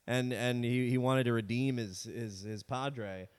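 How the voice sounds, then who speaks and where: A man's voice: mid-range voice, steady tone, measured pace, clear, resonant tone. Joking man co-hosting a podcast. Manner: jokey, slips into silly put-on voices. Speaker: podcast co-host. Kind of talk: casual comedic chat. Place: home studio with a cat.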